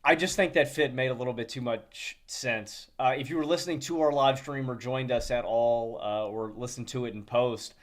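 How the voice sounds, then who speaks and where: Relaxed man chatting with many fillers. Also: medium pitch, moderate pace, few pauses. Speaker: podcast co-host. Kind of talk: casual chat.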